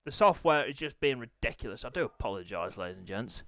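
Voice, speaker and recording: A young man hosting a racing game live stream, excitable and jokey, with squealing high bursts of excitement. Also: fast, no echo. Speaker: race commentator and stream host.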